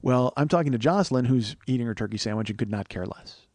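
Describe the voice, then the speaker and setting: A man's voice: mid-range voice, lively intonation, fast talker, a little mellow, dry recording. A man in his forties, a comedian hosting a podcast, telling a story in a profane, rambling, ranting way. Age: 40s. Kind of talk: casual comic storytelling.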